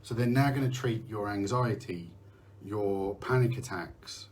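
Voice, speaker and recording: A man's voice: lowish voice, unhurried, a little mellow, a little hiss or hum. A middle-aged man from the UK hosting a candid live talk about mental health, rambling, restarting sentences and swearing now and then. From United Kingdom. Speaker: host.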